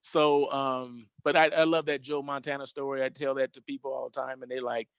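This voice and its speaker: A man's voice: medium pitch, level tone, fairly quick, smooth, no room sound. A man hosting a hospitality show, telling stories from his hotel career in a rambling, chatty way with lots of restarts. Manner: rambling, self-correcting, chatty. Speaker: host. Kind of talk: casual storytelling monologue.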